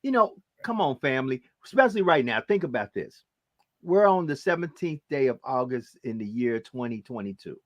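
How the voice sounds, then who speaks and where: A man's voice: mid-range voice, sing-song, brisk, no room sound, lo-fi sound. A man hosting a casual talk show, often chiming in with "right" and "correct".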